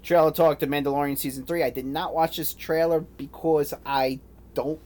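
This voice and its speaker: A man's voice: a little high, steady tone, normal speed, darkish tone. A man co-hosting a podcast, reading out news items and bantering casually. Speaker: podcast co-host. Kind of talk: casual chat.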